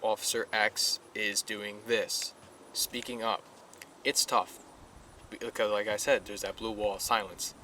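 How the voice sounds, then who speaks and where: Young male guest, earnest, low-ish voice, faint hiss. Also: level tone, measured pace, bright, forceful tone. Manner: earnest, repeats himself with many fillers. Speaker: guest, police recruit. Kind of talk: casual podcast interview.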